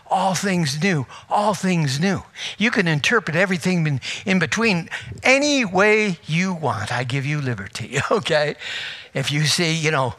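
An older man preaching a sermon as pastor, animated and emotional, with laughing asides. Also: a little high.

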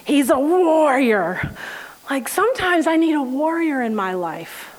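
A woman giving a conversational sermon, animated and quick to laugh as she tells stories, slowing down to read scripture. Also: high voice, rough recording. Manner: animated, laughing storyteller who reads scripture slowly. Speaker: Bible teacher.

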